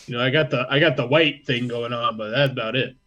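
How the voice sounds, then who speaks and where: A man's voice: medium pitch, fast talker, fairly bright tone. A man from Louisiana with a Cajun accent, co-hosting a live-stream podcast in a joking, playful way. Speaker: podcast co-host. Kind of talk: casual live-stream chat.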